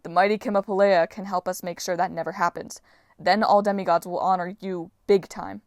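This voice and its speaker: A woman's voice: lowish voice, fairly even intonation, brisk, darkish tone, no room sound, clean studio sound, natural voice. A woman reading an audiobook voices a young male demigod hero who talks earnestly and persuasively.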